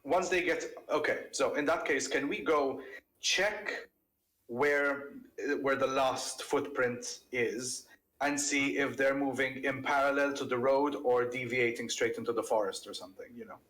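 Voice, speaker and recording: A man playing a tabletop game, discussing plans in a polite, deliberate way and thinking aloud. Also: mid-range voice, fairly even intonation, fairly bright tone, poor audio. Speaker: player. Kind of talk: in-character tabletop play discussion.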